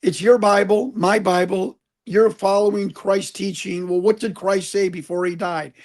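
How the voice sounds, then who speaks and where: High-voiced earnest man preaching hope. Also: steady tone, moderate pace. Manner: earnest, preachy, repeats words when stuck. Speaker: guest, UFO investigator. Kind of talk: conversational interview.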